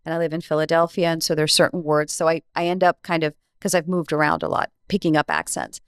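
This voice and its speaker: An American woman speaking as a podcast guest, measured and reflective in a conversational interview. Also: low voice, flat delivery, clear, resonant tone, no room sound, studio quality.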